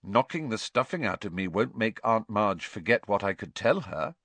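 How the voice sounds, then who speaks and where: A man's voice: lowish voice, very animated, normal speed, a bit bright, dry recording. A man reading aloud and voicing a bitter, defiant teenage boy who speaks coldly. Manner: cold, clipped, sullen.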